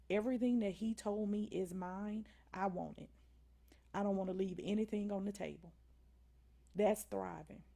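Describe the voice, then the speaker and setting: Speaking in a warm, creaky, mid-range voice, a Southern-drawling woman runs a motivational livestream centered on faith. Her tone is preachy, and she keeps tossing "right?" and "y'all" at the audience.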